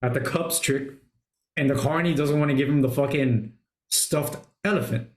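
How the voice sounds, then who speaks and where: A man hosting a casual movie review chat, retelling scenes excitedly and swearing a lot. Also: a little high, moderate pace. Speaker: podcast host. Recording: roomy echo.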